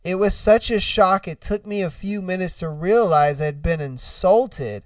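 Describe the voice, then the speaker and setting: A man hosting a podcast, telling stories in an animated, profane way and laughing often, recorded dry and a little away from the mic. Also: high-pitched, measured pace, no room sound, distant mic. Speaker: podcast host. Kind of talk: casual storytelling and reacting.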